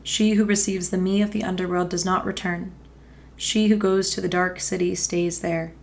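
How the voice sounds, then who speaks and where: A woman's voice: on the low side, flat delivery, moderate pace, creaky, a little hiss or hum. A woman voicing an angry, dismissive father god. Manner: curt and dismissive.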